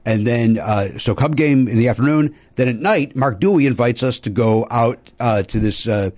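A man's voice: mid-range voice, moderate pace, darkish tone. A man hosting a comedy podcast, telling rambling anecdotes full of fillers and restarts. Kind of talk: casual chat, telling anecdotes.

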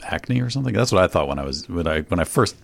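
Deep-voiced joking man on a podcast. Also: lively intonation, fast talker, vocal fry. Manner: joking, laid-back. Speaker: podcast co-host. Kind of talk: casual chat.

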